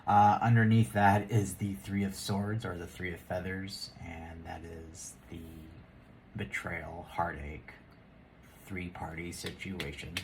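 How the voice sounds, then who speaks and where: Deep-voiced man giving a casual tarot reading. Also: level tone, slow pace, slight background noise. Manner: rambling, chuckling, muttering asides. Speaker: tarot reader.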